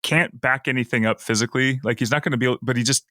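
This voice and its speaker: A man's voice: mid-range voice, steady tone, racing, bright, forceful tone, no room sound. Man, podcast co-host, rambly and punning, mid voice, dry close sound. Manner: rambling, restarts, jokey puns. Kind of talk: casual chat.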